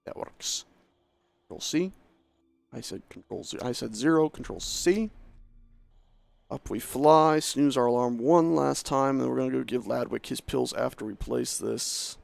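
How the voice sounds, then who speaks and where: Playing a building game on stream, this man talks in a relaxed, chatty way, muttering to himself and poking fun at himself. His mid-range voice is creaky and unhurried with lively intonation, and the recording has no echo.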